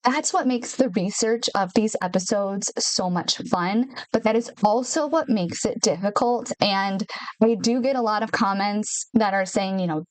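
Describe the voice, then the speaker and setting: In her Nashville home studio, a woman hosts a podcast, talking casually to camera into the mic, chatty and repeating words for emphasis. Her voice is on the high side, and the recording is dry.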